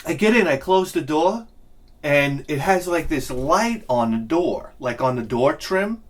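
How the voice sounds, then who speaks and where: Animated, lively-voiced storytelling man. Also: fairly high pitch, a little slow. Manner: animated, swearing, self-mocking, bursts of loud laughter. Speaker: video game collector vlogger. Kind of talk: rambling comic storytelling.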